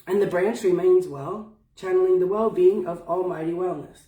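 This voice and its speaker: A woman's voice: fairly low pitch, moderate pace, mellow, far from the mic. A woman teaching spiritual wellness in casual talk, folksy and emphatic, swearing freely. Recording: roomy sound from off-mic.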